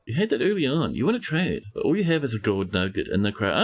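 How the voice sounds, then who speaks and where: Lively chatty man streaming a game. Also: lowish voice, brisk, hardly any pauses. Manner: chatty, talks to chat while playing; exclaims and scolds game characters. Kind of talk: live-stream gameplay commentary.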